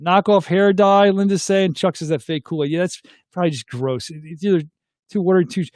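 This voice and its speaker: A man's voice: high voice, brisk, a little mellow, no room sound. A middle-aged man, hosting a casual livestream, reading viewer comments aloud and asking viewers to weigh in. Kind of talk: casual live chat.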